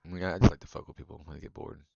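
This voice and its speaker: A man's voice: rumbling low, fairly even intonation, rapid-fire, creaky, breathy edge, no echo, lo-fi sound. A man streaming a game and chatting casually with viewers, loose and profane, laughing often. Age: adult. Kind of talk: casual live-stream chat.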